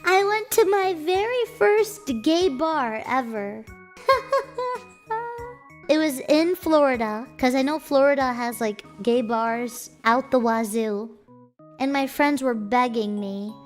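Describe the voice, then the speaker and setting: A young woman with a high, bright-pitched voice talks to her stream at an easy, unhurried pace. She is playful and chatty, telling stories straight into a desk mic, with faint music underneath. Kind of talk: casual chat.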